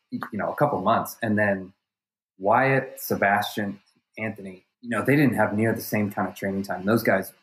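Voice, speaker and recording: A stunt performer being interviewed, telling stories casually with energy and frequent restarts. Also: male voice, fairly low pitch. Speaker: stunt performer and fight coordinator guest. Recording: roomy echo.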